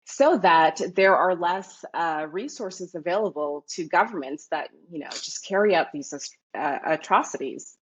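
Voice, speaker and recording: A woman from Canada, a guest in an interview, who talks in a thoughtful, animated way with many fillers. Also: lowish voice, a little slow, few pauses, slightly rough. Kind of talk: casual interview talk.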